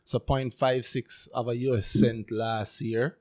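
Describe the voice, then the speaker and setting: Man, podcast co-host, casual investing chat, playful, animated. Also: mid-range voice, unhurried. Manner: animated, joking, playful storytelling. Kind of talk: casual chat about stock earnings.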